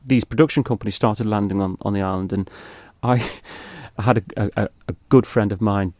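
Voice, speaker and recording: A middle-aged man with a lowish voice tells stories about his acting work in a relaxed radio chat. He pokes fun at himself as he goes. The studio sound is dry and close. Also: moderate pace, no room sound. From Isle of Man. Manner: chatty anecdotal storyteller, self-mocking with frequent laughs. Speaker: actor guest. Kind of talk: casual radio interview.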